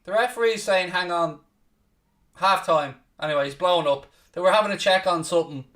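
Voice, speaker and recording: A man hosting a live football watchalong, commentating casually, swearing a little, mocking himself, and shouting out loud at big chances. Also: high-pitched, fairly quick, far from the mic. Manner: self-deprecating, swears casually. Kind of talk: live match commentary and chat with viewers.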